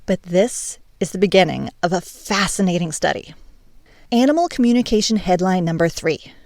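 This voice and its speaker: A woman's voice: on the low side, lively intonation, moderate pace, a little mellow, no room sound, clean studio sound. Playful emphatic woman podcast host. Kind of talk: scripted podcast monologue.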